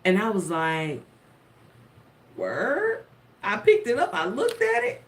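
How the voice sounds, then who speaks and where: Woman tarot vlogger, unhurried and playful, laughs a lot. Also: mid-range voice. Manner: animated, laughing often, chatty and playful. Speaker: tarot content creator. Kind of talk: casual storytelling to camera.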